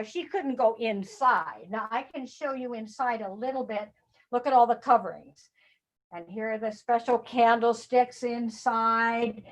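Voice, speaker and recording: An older woman telling a Bible story to children in a lively way, often asking them questions. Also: high voice. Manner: animated, asks children questions.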